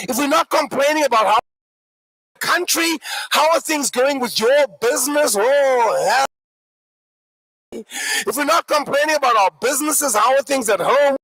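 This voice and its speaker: A man giving a live motivational workshop talk, an animated, joking storyteller who addresses the audience directly. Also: very high-pitched, a little slow, long pauses, poor audio. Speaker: workshop speaker.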